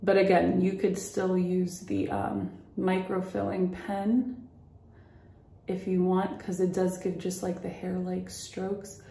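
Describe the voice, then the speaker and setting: Slow-talking, breathless woman vlogger. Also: fairly low pitch, gravelly, dark tone, reverberant. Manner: chatty, filler-heavy, demonstrating as she goes. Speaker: beauty vlogger. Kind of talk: casual makeup tutorial. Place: at home by a mirror.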